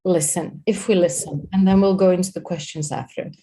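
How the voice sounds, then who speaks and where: Energetic woman coach, mellow voice. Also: fairly low pitch, a little fast, slightly rough. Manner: energetic, repeats words, talks to a co-host. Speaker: host and communication coach. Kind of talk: live-streamed coaching talk.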